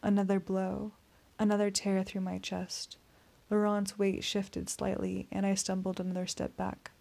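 A woman narrating a first-person audiobook in a steady, tense storytelling voice. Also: mid-range voice, measured pace, vocal fry.

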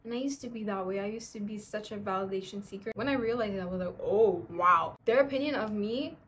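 Sassy girl vlogger talking to her viewers, mid pitch, doing some put-on accent. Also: fast talker, slight background noise. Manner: chatty and sassy, addresses viewers as "guys". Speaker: vlogger giving friendship advice. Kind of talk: casual advice vlog.

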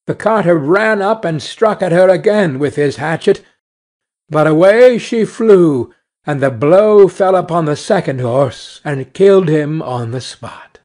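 A man narrating a fairy tale slowly and clearly for English learners. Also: on the high side, expressive, darkish tone.

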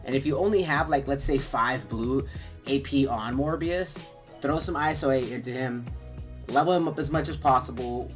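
A relaxed man gives casual game walkthrough commentary, wandering through his points with plenty of fillers and false starts. His voice sits at an ordinary middle pitch, and faint music plays underneath. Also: moderate pace. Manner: relaxed, rambling, many fillers and restarts. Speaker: gaming video host.

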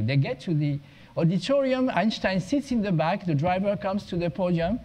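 A man's voice: high voice, normal speed, a little mellow, rough recording. A man, an education consultant, giving a conference talk, telling humorous anecdotes with small restarts along the way. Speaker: guest speaker, education consultant.

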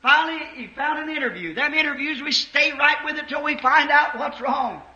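A man preaching a fervent sermon, telling stories and rising to shouts. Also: very high-pitched, fairly quick. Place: church. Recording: roomy dull 1950s church recording.

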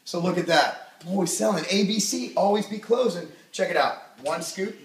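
A young man reviewing a supplement in a jokey vlog, loud and goofy, breaking into shouts. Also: sits high, moderate pace, echoey room, recorded from a distance.

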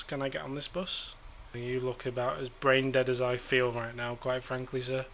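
A man's voice: medium pitch, fairly even intonation, normal speed, hardly any pauses, a bit bright. A man giving sarcastic, exasperated commentary while playing a game, swearing now and then. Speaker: gamer.

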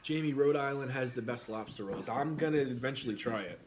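A man's voice: mid-range voice, fairly quick, a loud crowd. New York man chatting over dinner. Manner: easygoing, reads out viewer comments. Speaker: food livestream host. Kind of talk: casual chat while eating, reading comments.

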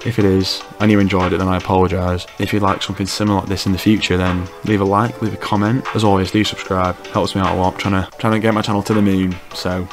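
A man's voice: low-pitched, level tone, fast, few pauses, over music. A man giving casual comedic commentary as a YouTuber, with wry, teasing remarks.

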